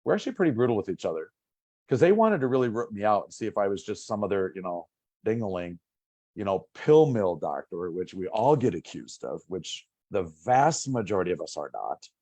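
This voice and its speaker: A man in his sixties from Minnesota, a pain doctor telling his story as an interview guest in a casual, animated way. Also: on the low side, a little fast, dry recording. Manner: animated, acts out past conversations.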